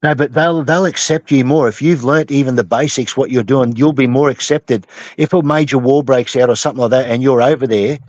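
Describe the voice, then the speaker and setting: A man in casual chat, agreeable and quick to chime in with advice. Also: medium pitch, fairly even intonation, a little mellow, no echo, lo-fi sound.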